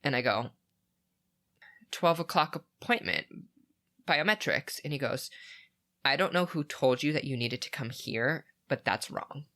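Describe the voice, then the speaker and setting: A man co-hosting a podcast, telling a story in a casual, animated way with many "like" fillers. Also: mid-range voice, normal speed. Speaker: podcast co-host.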